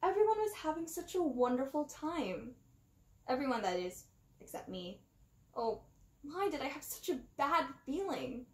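A woman gives an animated storybook read-aloud, with a high voice that leaps all over. She acts out the first-person narrator as she goes. The recording has a roomy, echoing sound. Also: measured pace. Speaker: storybook reader. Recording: roomy echo.

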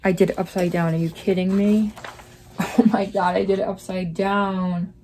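A woman's voice: mid-range voice, level tone, moderate pace, warm tone, slight background noise. A woman hosting a casual crafting vlog, chatty and rambling, with plenty of fillers as she talks. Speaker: crafting channel host.

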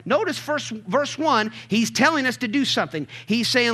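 A man preaching a sermon as pastor, calling out to the congregation and building to emphatic shouts. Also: extremely high pitch, expressive, a little fast, few pauses. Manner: call-and-response preaching, swells to emphatic shouts.

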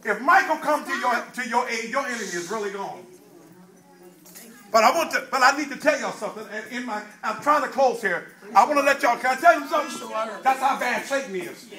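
Male preacher, high and bright, fiery call-and-response delivery. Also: expressive, a little fast. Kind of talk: sermon.

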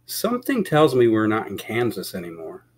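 A man's voice: fairly low pitch, wildly swooping pitch, normal speed. A man voicing a startled young woman in an audiobook, with a raised, questioning voice. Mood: wondering. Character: startled young woman waking in a strange future.

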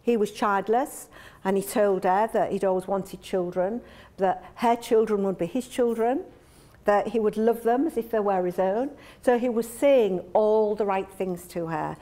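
Woman, training talk, earnest, explanatory, middle pitch. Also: unhurried, warm tone. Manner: earnest, explanatory, acts out quoted dialogue. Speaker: domestic abuse trainer and speaker.

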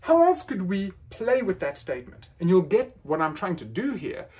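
Lively-voiced man giving a lecture. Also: high voice, moderate pace, husky. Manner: playful, acts out quoted phrasings with rising questioning tones. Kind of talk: academic lecture.

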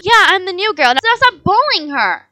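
A woman's voice: extremely high pitch, big pitch swings, moderate pace, bright, forceful tone, dry recording, heavily acted. A woman voicing a kind, confident new girl at school in a game role-play, chatty and upbeat and firm with bullies. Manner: chatty and upbeat, firm when standing up to others.

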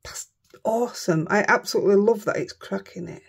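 Yorkshire lady crafting and nattering away, bit of a rough gravelly edge, kind of husky. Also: mid-range voice, a little fast. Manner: chatty, self-mocking, often mutters under her breath. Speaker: craft vlogger. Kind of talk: casual chat while crafting.

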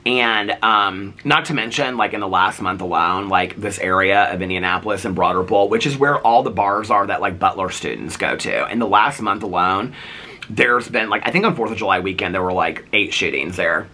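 A man's voice: fairly low pitch, moderate pace. A man in his forties, chatting casually to camera as a vlogger, full of fillers and acting out the people he quotes. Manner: animated, voices people he quotes.

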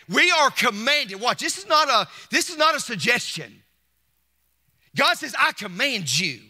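A man preaches with emphatic repetition and rousing call-outs. His voice is high and very bright, swinging widely in pitch. The sound rings with the long reverb of a church hall. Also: very animated, unhurried. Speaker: pastor. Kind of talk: Mother's Day sermon. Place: church sanctuary.

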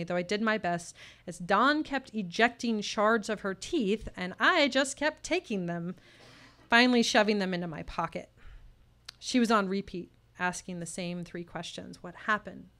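A woman performs a true story live on stage, her voice bright and crisp. She tells it with care and shifts into short lines of quoted dialogue along the way. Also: mid-range voice, normal speed. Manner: personal story told with tense quoted dialogue. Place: live showcase venue.

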